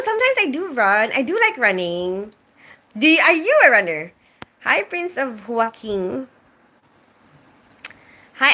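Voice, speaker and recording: A woman's voice: medium pitch, a bit bright. A young woman who grew up in the Philippines, hosting a casual live stream and reading viewers' comments aloud, chatty and full of fillers. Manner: reads viewer comments aloud and answers them.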